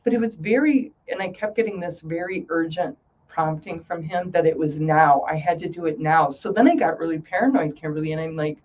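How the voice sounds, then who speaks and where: A middle-aged woman, a guest in an interview, telling her story with animated voices for her own past thoughts. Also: low voice, a little fast, hardly any pauses, low-quality recording.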